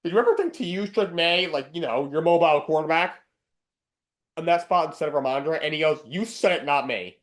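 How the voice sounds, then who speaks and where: A man's voice: a little high, animated, fairly quick. A man hosting a sports talk show alone, blunt and ranting, often repeating himself. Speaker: sports podcast host. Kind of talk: opinionated solo sports talk.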